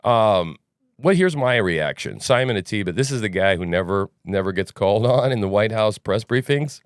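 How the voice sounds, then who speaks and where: A man's voice: on the low side, animated, moderate pace, smooth, no room sound, clean studio sound. A man hosting a news commentary podcast, talking casually in a rambling, sarcastic way. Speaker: podcast host.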